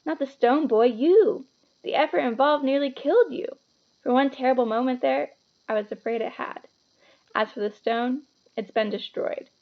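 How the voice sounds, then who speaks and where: A woman voicing a kindly old male headmaster wizard in a storybook, calm and gently formal with a wry touch. Her voice is slightly gravelly and the recording a bit muffled. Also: high-pitched, normal speed. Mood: gentle.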